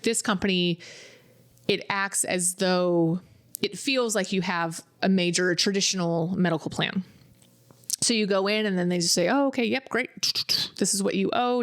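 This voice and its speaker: A woman's voice: lowish voice, smooth. A woman co-hosting a podcast, chatting casually and acting out what her clients said. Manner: chatty storyteller, acts out clients' quotes. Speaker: podcast co-host. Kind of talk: casual chat.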